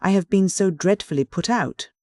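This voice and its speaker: A man's voice: sits high, moderate pace, darkish tone, no room sound, clean studio sound, pitched above the performer's own voice, close to an everyday voice. A man reading an audiobook, voicing a flustered middle-aged matron who frets breathlessly. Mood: distressed. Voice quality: breathless, fretful.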